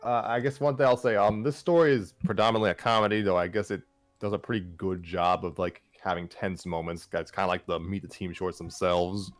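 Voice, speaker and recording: Easygoing young guy, really deep voice, dry close sound. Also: steady tone, fairly quick, no echo, soft background music. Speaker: podcast host. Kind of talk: casual chat.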